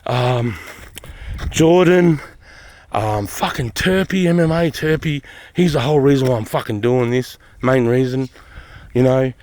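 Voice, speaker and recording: Medium in pitch and darkish in tone, the voice belongs to a middle-aged Australian army veteran vlogging without hurry. His casual delivery is blunt, emphatic and profane, and he repeats himself.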